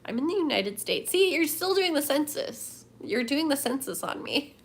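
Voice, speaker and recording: A woman's voice: high voice, sing-song, moderate pace, hardly any pauses. Chatty woman rambling on a livestream. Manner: chatty, rambling, reads chat aloud. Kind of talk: casual livestream chat.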